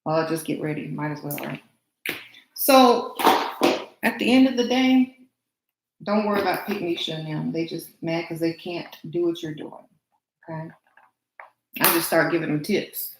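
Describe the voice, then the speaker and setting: Woman beauty streamer, low-ish voice, chatty and laughing, roomy echo with faint hiss. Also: moderate pace, long pauses. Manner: chatty, laughing, answers chat comments. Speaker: beauty vlogger livestreaming to chat. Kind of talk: casual chat while getting ready.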